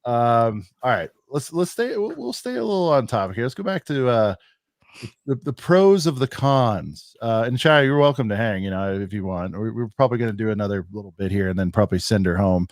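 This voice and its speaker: A man's voice: medium pitch, animated, fairly quick, no echo, studio quality. A man co-hosting a casual podcast, talking in a rambling, jokey, self-deprecating way. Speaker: podcast co-host. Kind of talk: casual chat.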